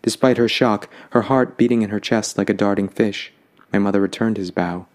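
Low-voiced man narrating a fantasy tale. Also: normal speed. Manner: calm, lyrical.

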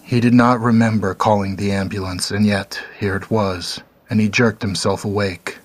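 A man narrating a dark story in a measured, somber reading. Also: on the low side, steady tone.

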